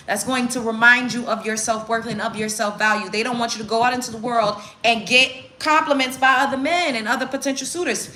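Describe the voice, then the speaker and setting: Young woman vlogger, bright tone, emphatic and repetitive, casual advice chat. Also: fairly high pitch. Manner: emphatic, repeats phrases for stress. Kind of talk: casual get-ready-with-me livestream talk. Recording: echoey room with faint hiss.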